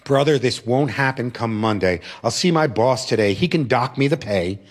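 An earnest, worried working mother pleads her case, as a man quotes her in a storytelling talk. The voice drops lower than the teller's own. She speaks steadily and sincerely. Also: expressive, moderate pace, natural voice. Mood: pleading.

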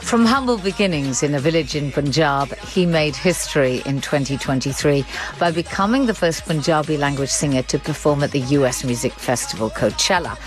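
Low-voiced woman radio arts host. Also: animated, faint music behind. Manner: brisk, playful and conversational. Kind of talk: broadcast radio presenting.

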